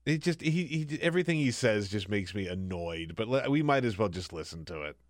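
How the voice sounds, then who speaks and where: A man's voice: on the low side, animated, a little fast, no echo. A man hosting a talk radio show, speaking casually and sarcastically from a radio studio, riffing and laughing about the news.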